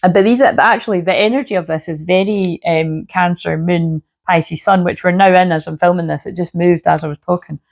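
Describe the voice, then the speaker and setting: A woman with a low, gravelly voice gives a casual spiritual reading to camera. Her throat is sore and a little rough from filming. She rambles, swears freely and keeps checking in with "you know what I mean". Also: fairly even intonation, fairly quick, hardly any pauses, darkish tone. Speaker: shamanic healer and spiritual reader.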